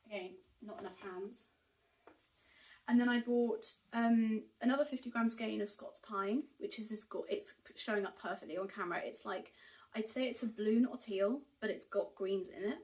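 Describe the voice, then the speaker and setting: A woman's voice: medium pitch, fairly even intonation, moderate pace, a little mellow. A woman chatting casually to camera about her knitting purchases, enthusiastic and full of ums and likes. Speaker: knitting vlogger. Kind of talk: casual haul chat to camera. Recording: voice picked up from a distance.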